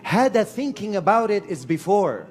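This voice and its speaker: A man preaching a lively sermon to a live audience in a hall, telling stories with acted-out voices and mixing in Arabic phrases. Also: high voice, normal speed, faint music behind. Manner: animated storyteller, acts out shouting characters; mixes Arabic phrases and Quranic recitation. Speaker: Islamic preacher.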